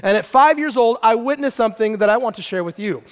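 A man from Arizona, a pastor, preaching a sermon through an animated, playful comic story that swings between loud and quiet. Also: very high-pitched, quick pace. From Arizona, USA. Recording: long reverb of a large hall.

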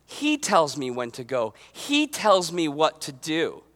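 A preacher voicing a firm, solemn Jesus. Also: male voice, on the high side, huge pitch swings, takes it slowly, fairly bright tone, long reverb tail, pitched below the performer's own voice, full character voice. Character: Jesus, a calm, firm adult man asserting authority.

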